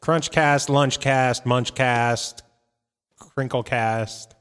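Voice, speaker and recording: A man's voice: mid-range voice, very slow, clean tone, long reverb tail. A man hosting a casual podcast from an apartment, joking, laughing and swearing freely. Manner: animated, laughing, swearing, playful. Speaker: podcast host. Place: studio apartment. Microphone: drum mic.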